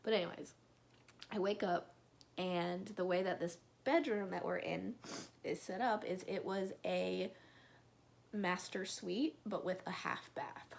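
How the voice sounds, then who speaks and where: Young woman vlogging a storytime, slow drawl with a gravelly edge, rambly, slips into whispers. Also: lowish voice, steady tone. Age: young adult. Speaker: vlogger telling a personal story. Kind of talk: casual storytime chat.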